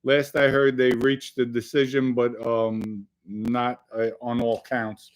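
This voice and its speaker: A man's voice: mid-range voice, little pitch movement, slow pace. Joking middle-aged male live-stream host. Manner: loose and joking, with sudden loud bursts. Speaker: podcast host reading live chat. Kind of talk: casual live-stream chat.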